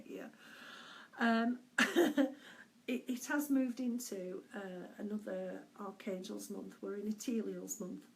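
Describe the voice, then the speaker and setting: A middle-aged woman, a spiritual medium, giving an unhurried, gentle weekly message with soft laughs and hesitant pauses. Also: medium pitch, vocal fry, a little hiss or hum, rough recording.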